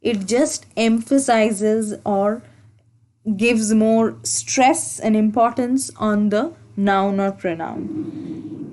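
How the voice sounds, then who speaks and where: Slow, higher-voiced woman teaching grammar. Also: darkish tone. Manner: slow, deliberate explaining with repetition and self-corrections. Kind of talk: exam-prep grammar lesson.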